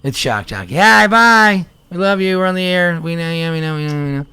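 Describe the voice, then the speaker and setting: Man, radio co-host, excitable, high lively voice, gravelly edge. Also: a little fast. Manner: excitable, laughing, joking. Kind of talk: casual radio banter. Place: small local radio studio.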